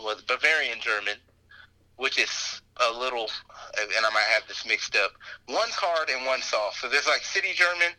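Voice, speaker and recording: A man's voice: mid-range voice, moderate pace, pushed and bright, low-quality recording. A man chatting casually as a podcast guest, rambling with lots of fillers and restarts. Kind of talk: casual conversation.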